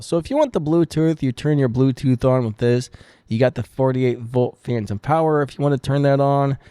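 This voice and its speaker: A man talks through a gear review in an easy, chatty way. His voice is mellow and dark, recorded close and dry on a studio broadcast mic. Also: medium pitch, clear, resonant tone, no room sound. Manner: relaxed, chatty explaining. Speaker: product reviewer. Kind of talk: casual product review demo. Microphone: studio broadcast microphone.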